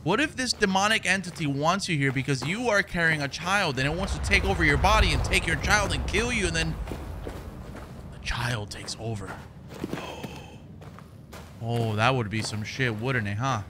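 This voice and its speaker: A young man commenting on a horror game as he plays, swearing often and breaking into loud outbursts. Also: on the high side, animated, brisk, noisy background. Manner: profane, reactive, loud outbursts. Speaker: gaming commentator. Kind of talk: let's play commentary.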